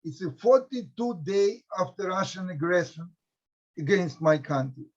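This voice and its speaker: A middle-aged man with a Ukrainian accent speaks halting English, with many restarts, as a historian talking to students. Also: high-pitched, expressive. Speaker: historian, research center director. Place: home in a war-hit city. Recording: dull lo-fi audio.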